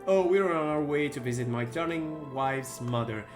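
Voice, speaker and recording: A man voicing a polite husband asking for shelter, low and soft. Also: moderate pace, music in the background, close to an everyday voice. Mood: ingratiating. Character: polite husband guest, protective of his wife.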